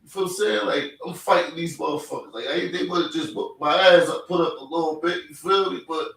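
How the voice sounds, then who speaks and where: A man's voice: a little high, brisk, vocal fry, fairly bright tone. A man telling a personal story in casual talk, rambling in street slang and checking in with "you feel me" again and again. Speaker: podcast host. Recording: echoey room, mic at a distance.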